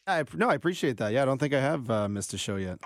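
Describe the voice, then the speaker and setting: Radio sidekick chipping in quick, lively voice, no room echo at all. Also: medium pitch, studio quality. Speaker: radio show co-host. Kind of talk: casual radio chat.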